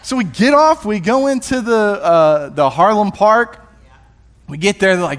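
A man in a pastoral role shares a testimony from the pulpit with an animated, self-deprecating storytelling manner. His voice sits a little higher than most men's, and he tumbles through quick restarts as the story builds. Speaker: youth pastor and worship leader.

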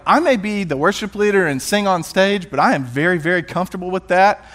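A man in a pastoral role shares a testimony from the pulpit with an animated, self-deprecating storytelling manner. His voice sits a little higher than most men's, and he tumbles through quick restarts as the story builds. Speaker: youth pastor and worship leader.

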